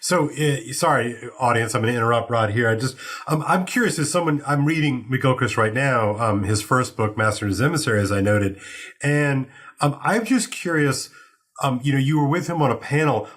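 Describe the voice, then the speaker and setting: A man hosting a podcast, informal and curious, breaking in with quick questions. His voice is husky and a little breathy. It sits at an ordinary middle pitch. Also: fairly bright tone. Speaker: host. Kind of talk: casual podcast conversation.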